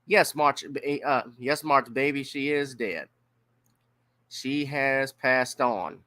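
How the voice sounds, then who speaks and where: A man from Louisiana reacts to the news in a blunt, profane, casual way, stretching words out for emphasis. His voice is bright and forceful at a middle pitch. It is recorded close and dry. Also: takes it slowly, no echo. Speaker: news commentator.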